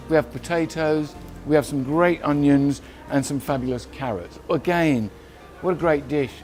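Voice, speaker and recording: A man's voice: mid-range voice, dark tone. Chatty man from London explaining a recipe. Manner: chatty, rambling, corrects himself. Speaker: cook. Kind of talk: casual cooking demonstration.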